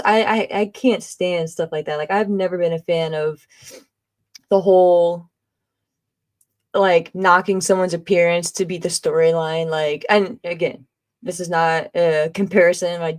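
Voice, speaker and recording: A woman hosting a live podcast stream, reading viewer comments aloud in a loose, chatty way, laughing often and making exasperated asides. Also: on the low side. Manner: exasperated, eye-rolling asides. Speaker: podcast host.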